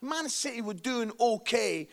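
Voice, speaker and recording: A man's voice: very high voice, expressive, a little slow, creaky, fairly bright tone. A man giving a sermon-style talk as a travelling evangelist, chatty and jokey, often checking in with "yeah?". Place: hall with a live audience.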